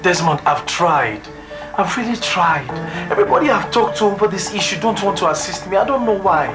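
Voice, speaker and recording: A desperate young man, pleading and repeating himself, as an actor plays him in a film drama. His voice sits fairly high for a man and rides over a loud movie score. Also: quick pace, close to an everyday voice. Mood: frustrated. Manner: pleading, repetitive begging. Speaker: film character. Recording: film audio under loud music score.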